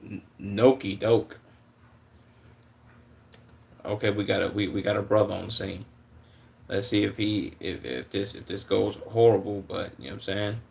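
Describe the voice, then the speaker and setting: Young man, twenties, from Chicago, streamer, low voice, gravelly, slangy, incredulous. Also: normal speed, long pauses, a little mellow, a little hiss or hum. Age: 20s. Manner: incredulous, stuttering, slangy commentary. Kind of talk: casual live-stream reaction.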